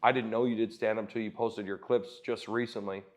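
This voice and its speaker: A man's voice: lowish voice, flat delivery. A man, a comedian talking casually as a podcast guest and acting out quotes as he tells stories, swearing often. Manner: swearing, quick storytelling with acted-out quotes.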